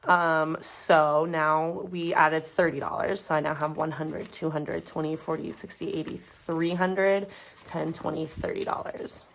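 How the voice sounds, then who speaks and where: Young woman in her 20s rambling thru a budget vlog, kinda low voice, counts bills out loud under her breath. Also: level tone, measured pace, vocal fry. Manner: rambling, chatty, mutters while counting bills. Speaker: budgeting vlogger. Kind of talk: casual chat while counting cash. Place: home, dog nearby.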